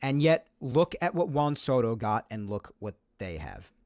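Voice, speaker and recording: A man runs a solo sports podcast, pressing his opinions forcefully and restating them for effect. His mid-range voice has a sing-song quality, a measured pace, and a darkish tone, recorded with no room sound.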